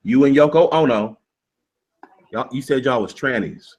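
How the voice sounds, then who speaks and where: A man in an online voice chat who talks in a slow, teasing drawl. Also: medium pitch, darkish tone, breathy edge. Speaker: debate participant.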